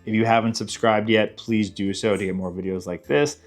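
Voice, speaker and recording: A man's voice: on the low side, fairly even intonation, fairly quick, faint music behind. Chatty man hosting a cooking channel. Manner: friendly, chatty, talks straight to viewers. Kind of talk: casual cooking tutorial.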